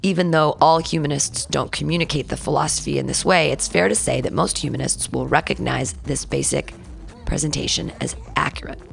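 Comedian lady hosting her podcast, low voice with lots of fry, reads stuff out then gets all worked up. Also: a little fast, few pauses. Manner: reads texts aloud with sudden excited outbursts. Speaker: podcast host and stand-up comedian. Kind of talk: casual podcast reading and commentary.

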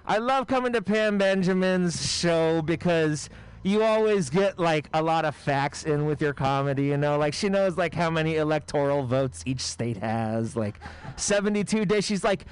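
A man doing a rambling, self-deprecating stand-up comedy set while high. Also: normal speed, smooth, low-quality recording.

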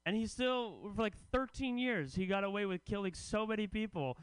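A man who hosts a comedy festival, performing a stand-up set with wry, deadpan asides to the crowd. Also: high voice, moderate pace, clean tone, dry recording. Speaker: comedy festival host and comic.

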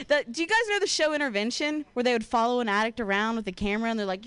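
A woman's voice: a little high, quick pace, clear, resonant tone, no room sound. Profane young woman doing stand-up, dry and close. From Ohio. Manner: casual, profane, deadpan delivery with frequent laughs. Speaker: stand-up comedian. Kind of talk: stand-up comedy set.

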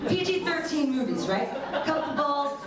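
A woman doing a bawdy stand-up comedy set with deadpan punchlines, recorded from far off in an echoey room. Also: high voice, moderate pace, a crowd in the background.

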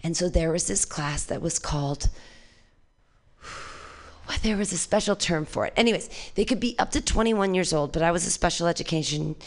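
A woman performing a stand-up comedy set, brash and crude, swinging between shrieked punchlines and low muttered asides. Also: normal speed. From California.

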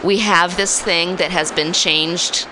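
A woman's voice: on the low side, fairly even intonation, takes it slowly, background noise. A woman from the US Midwest talking casually as co-host of a radio show, thoughtful and prone to restarting her sentences. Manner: thoughtful, restarts often, laughs easily. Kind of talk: casual conversational talk. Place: small radio studio.

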